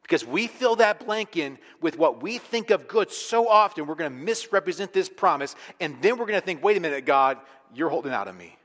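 A man preaching a sermon as pastor, talking conversationally and with emphasis, sometimes falling to a quiet, intense tone. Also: on the high side, expressive, brisk, few pauses, in a large hall.

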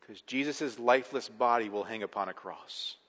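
A man's voice: mid-range voice, moderate pace. Preaching man in a reverberant hall. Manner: swings from hushed reflection to emphatic, rising preaching. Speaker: pastor. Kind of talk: sermon.

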